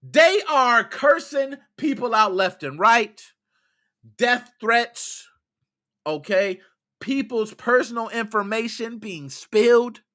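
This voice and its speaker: A man's voice: very high voice, expressive, slow, sharp tone. A man hosting a gaming podcast, ranting in a heated, exasperated way, scolding his listeners in casual slang with plenty of cursing. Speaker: podcast host.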